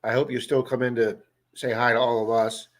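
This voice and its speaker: A man's voice: mid-range voice, little pitch movement, a little fast. A man with a Baltimore accent hosting a casual livestream, chatting and answering viewers' comments by name. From Baltimore area, USA. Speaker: livestream host.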